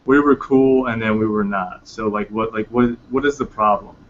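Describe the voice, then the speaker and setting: A man in a casual voice chat, talking in a halting, hesitant way. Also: on the low side. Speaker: chat participant. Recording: dull lo-fi voice chat with faint noise.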